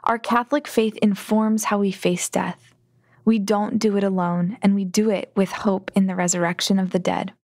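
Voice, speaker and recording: Brief: woman narrator, mid pitch, gentle scripted read, very dry studio sound. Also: level tone, normal speed, dry recording. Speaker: host narrator.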